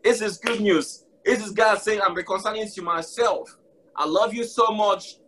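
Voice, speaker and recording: A male preacher delivering an impassioned live message, hammering phrases again and again and slowing down for his boldest lines. His voice sits high and sounds forceful and bright, with a husky grain. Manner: emphatic, repeats key phrases, calls out "y'all".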